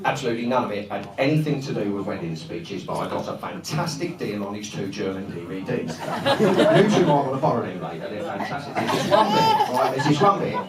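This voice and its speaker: A man's voice: lowish voice, very animated, fairly quick. A man giving a joking, flustered best man speech at a wedding, laughing often. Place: large function room full of guests. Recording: roomy, from far off, loud crowd. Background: loud laughing crowd.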